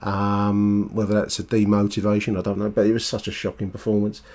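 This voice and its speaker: Low-voiced chatty male podcast host. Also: completely flat delivery, fairly quick, a little mellow. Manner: chatty, rambling with fillers and restarts. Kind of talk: casual chat reading listener voicemails.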